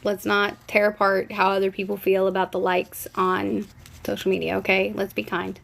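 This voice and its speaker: A woman's voice: medium pitch, completely flat delivery, moderate pace, vocal fry, a bit bright, slight background noise. A young woman hosting a casual live stream, gossiping and speculating in a playful, cheeky way while answering comments from viewers. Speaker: livestream host.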